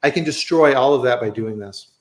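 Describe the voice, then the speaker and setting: A man's voice: medium pitch, a little fast. Talkative man on an echoey video call. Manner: animated storyteller, repeats "right?". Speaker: host. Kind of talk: casual live-stream chat. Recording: roomy echo.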